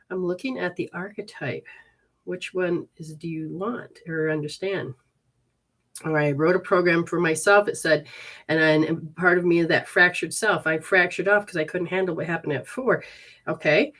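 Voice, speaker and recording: A woman's voice: on the low side, fairly bright tone. A woman leading a live healing session and giving readings, soothing and coaxing with repeated instructions. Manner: talks to viewers and spirits, switches fast between voices.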